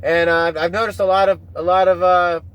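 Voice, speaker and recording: Casting: high-pitched male podcaster, loose rambling rant, swears a lot, keeps restarting thoughts. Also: little pitch movement, a little fast, clear, resonant tone. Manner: profane, rambling, with frequent restarts. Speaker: podcast host. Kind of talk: casual rambling monologue.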